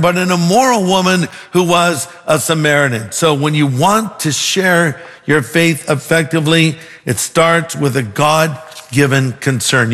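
A male pastor preaching a sermon in an earnest, emphatic way, slowing down to stress his points. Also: on the high side, a bit bright. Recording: long hall reverb with faint music.

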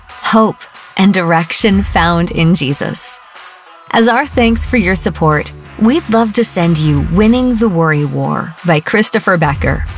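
A woman reading a scripted program outro in a smooth, measured manner. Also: mid-range voice. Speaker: program announcer. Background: faint music.

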